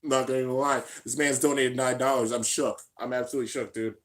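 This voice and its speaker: Bright-voiced excitable young guy streaming. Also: fast. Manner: excitable, slangy, keeps saying "dude"; swings between hyped shouting and low mumbling. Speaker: YouTuber hosting a live reaction stream. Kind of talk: casual live-stream reaction commentary.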